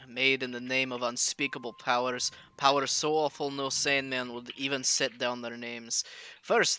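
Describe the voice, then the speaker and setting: A man's voice: medium pitch, sharp tone, close to an everyday voice, rough recording. A man voicing a scholar with a Russian accent, reading an occult text aloud in a solemn, dramatic way.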